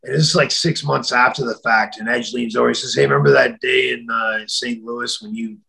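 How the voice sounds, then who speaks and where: A middle-aged man telling a story in an interview, acting out the quoted voices and sometimes shouting them. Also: medium pitch, fairly even intonation, fairly quick, gravelly, low-quality recording. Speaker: interview guest.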